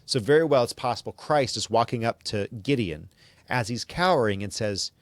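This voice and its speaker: A man's voice: medium pitch, animated, moderate pace, no echo. A man hosting a podcast, talking earnestly in a preaching manner and reading quotes aloud. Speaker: podcast host. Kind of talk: sermon-like commentary.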